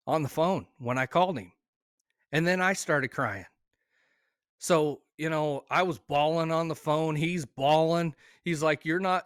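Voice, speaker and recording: A man casually telling a hunting story, emotional and halting, with many fillers and restarts. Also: medium pitch, a bit bright, dry recording, clean studio sound. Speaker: hunter telling his story.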